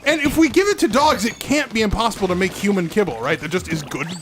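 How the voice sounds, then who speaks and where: A man co-hosting a casual podcast chat while playing a game, telling stories in an animated way and laughing often. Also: high-pitched, fast, slight background noise. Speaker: podcast co-host.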